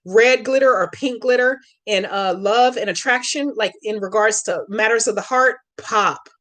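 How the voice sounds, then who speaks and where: Speaking at normal speed in a fairly high, fairly bright voice, a woman runs a live Q&A and spell tutorial as a hoodoo practitioner. Her chat with viewers is brash, profane, and slangy as she emphatically walks them through a spell step by step.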